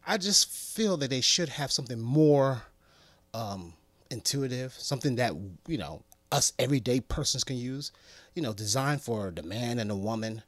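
A man hosting a comedy podcast, joking and acting out little scenes in a playful, animated way. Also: mid-range voice, dry recording. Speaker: podcast host.

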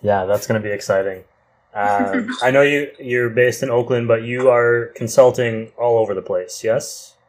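Podcast host, man from Wisconsin, relaxed and conversational, mid-range voice. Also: mid-range voice, moderate pace, poor audio. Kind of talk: podcast interview.

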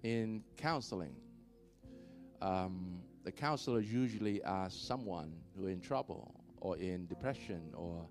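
A male pastor preaching a sermon in church, animated, laughing often and checking in with the congregation. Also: sits low, a little slow, over music.

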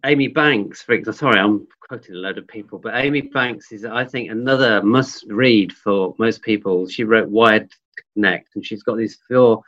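A man with a fairly low voice speaks in a thoughtful, reflective way, pausing with ums and restarting his thoughts as he explains. The audio has a dull, lo-fi quality. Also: fairly bright tone. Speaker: guest, forest school trainer.

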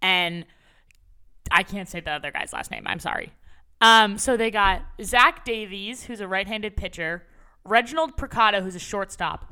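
Animated young woman, bright clear voice. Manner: animated, swears freely, voice jumps high when excited. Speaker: podcast co-host. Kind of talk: casual sports chat.

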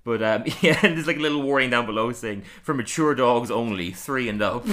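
A man's voice: mid-range voice, fairly quick, bright, forceful tone. A man co-hosting a casual podcast, rambling and laughing often as he talks. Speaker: podcast co-host. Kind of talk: casual chat.

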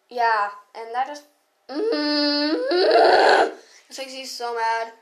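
Ranting, swearing teen girl. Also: sits high. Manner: ranting, swearing, sarcastic, laughing. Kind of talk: casual storytime vlog.

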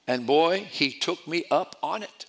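A man's voice: a little high, unhurried. A man preaching a sermon, telling stories animatedly and often repeating his words. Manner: animated storytelling with repetitions.

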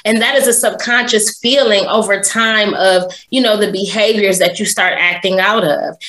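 A woman guest opens up about her past in a frank, confessional interview. She speaks at a middling pitch and keeps checking in with a quick "right?" as she goes. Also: fairly bright tone, poor audio. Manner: earnest, confessional, often adds "right?" and "you know". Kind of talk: personal storytelling in an interview.

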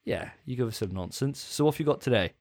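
A young man chats on a podcast in a relaxed, joking way. His pitch rises and falls freely. He pokes fun at himself as he tells his stories. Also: fast. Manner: self-mocking, jokey storytelling. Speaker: podcast co-host. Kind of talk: casual chat.

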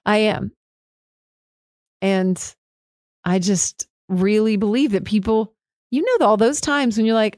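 A woman's voice: medium pitch, slow, pauses often, a little mellow, no room sound, clean studio sound. A woman hosting her own podcast, talking candidly and frankly on her own, fired up and swearing now and then. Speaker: podcast host. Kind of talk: candid solo talk.

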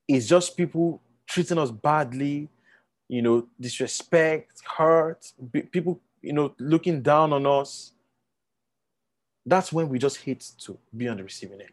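Guy giving a pep talk to a crowd, voice a bit high, acts out what people say in a louder voice. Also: unhurried. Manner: checks in with listeners often, acts out quotes in a raised voice. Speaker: speaker addressing an audience. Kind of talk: motivational talk.

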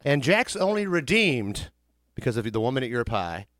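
A man with a drawl, spinning a comic story in a dry, close-miked room. His pitch sits in the middle of the range, and he jumps up into high put-on voices for the people he quotes. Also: big pitch swings, normal speed, fairly bright tone, dry recording. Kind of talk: casual storytelling chat.

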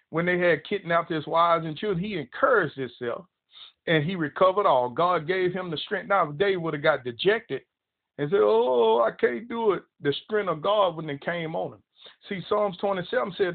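Preacher, male, emphatic broadcast sermon, slightly raised pitch, tinny phone audio. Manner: emphatic, repeats phrases and quotes scripture.

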